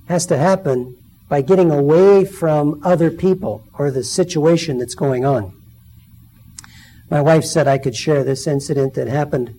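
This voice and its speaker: Middle-aged male lay preacher, mellow tone, slightly high, storytelling testimony. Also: low-quality recording. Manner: storytelling, acts out quoted voices. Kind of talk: personal testimony sermon.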